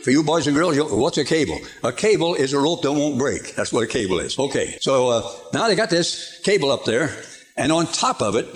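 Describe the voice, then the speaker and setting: A man preaching a folksy, emphatic sermon, often repeating himself. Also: on the high side.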